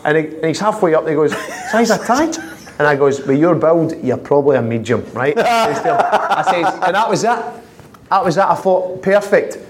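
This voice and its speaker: A man with a Scottish accent, a footballer guest telling prank-call stories with lively laughter and constant "I says". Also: fairly high pitch, normal speed, background noise. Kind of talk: anecdotal storytelling.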